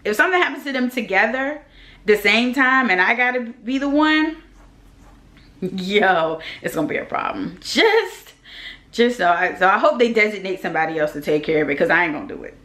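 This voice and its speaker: A young woman with features talks straight to her camera in a casual vlog. She tells a personal story in an animated way, her voice heating up as she acts out what people said. Her pitch sits in a middle range. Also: moderate pace. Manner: animated, heated retelling with lively quoted rants. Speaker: vlogger.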